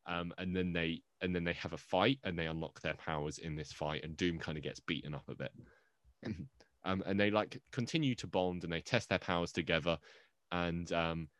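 A man's voice: low-pitched, moderate pace, a bit bright, no echo. A man co-hosting a movie podcast in casual, rambling, jokey chat, often interrupting himself. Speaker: podcast co-host.

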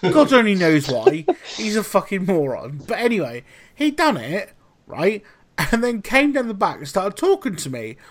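Podcast host, young adult man, lively swearing storyteller, voice rising and falling a lot. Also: high-pitched, moderate pace. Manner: animated storytelling, heavy swearing. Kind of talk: casual chat.

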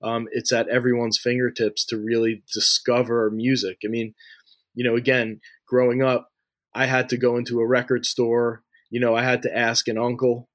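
Man, 30s, interview guest. Conversational and loose, level pitch, dry room. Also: no echo. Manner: loose and talky, heavy on fillers like "you know" and "like", frequent restarts. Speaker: interview guest, music industry figure.

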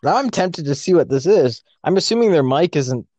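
A man's voice: on the high side, lively intonation, brisk, darkish tone, dry recording. A young man hosting a casual chat podcast, rambling and restarting his words on a cheap mic. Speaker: podcast host. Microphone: cheap mic, said to be bad.

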